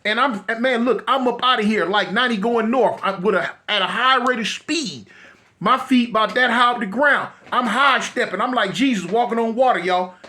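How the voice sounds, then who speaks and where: A middle-aged man telling a story in a casual, animated way, acting out the voices of the people in it. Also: very high voice, normal speed. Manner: animated, acts out voices, repeats and restarts.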